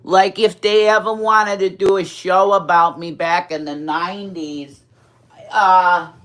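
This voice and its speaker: A drag performer in their forties with a New York accent rambles on a casual livestream. Their speech has a slight impediment, slips now and then into a childlike lilt, and stays slow and unhurried. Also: medium pitch, steady tone, fairly bright tone. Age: 40s. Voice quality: mild speech impediment, sometimes childlike, baby-girl-like voice. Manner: rambling, profane, candid livestream chatter.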